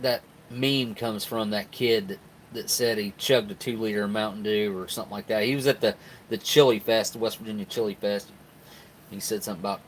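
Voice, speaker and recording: A man's voice: fairly low pitch, a little hiss or hum, low-quality recording. A middle-aged man with a southern Ohio Appalachian accent, hosting a casual live stream where he rambles in a folksy way and reads viewer comments aloud. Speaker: live-stream host reviewing military rations.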